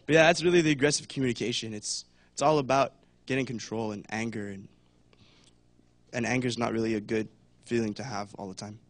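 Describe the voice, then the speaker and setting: A man's voice: medium pitch, steady tone, brisk, dry recording. Chatty man with a dry, close sound. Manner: chatty, many fillers, acts out voices. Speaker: church speaker. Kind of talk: casual sermon talk.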